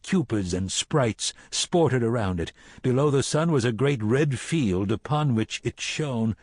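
A slow, husky male audiobook narrator delivers scripted narration at medium pitch, sounding animated with a darkish tone. The recording is dry, with clean studio sound.

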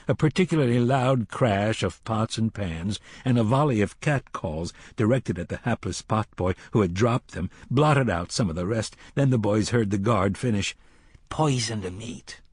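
A man narrating a story in a measured storytelling voice, raising his voice for the characters' lines. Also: fairly low pitch, a little mellow, slightly rough, no echo. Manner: measured storytelling, lifts voice for dialogue. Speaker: audiobook narrator.

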